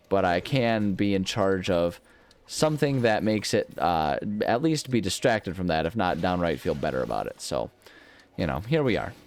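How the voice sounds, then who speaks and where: A man with a somewhat low voice gives casual commentary while he plays a game. He rambles and mocks himself, and drifts into little nonsense tunes between thoughts. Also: a little mellow. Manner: rambling, self-mocking, sings nonsense syllables. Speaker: gaming channel host.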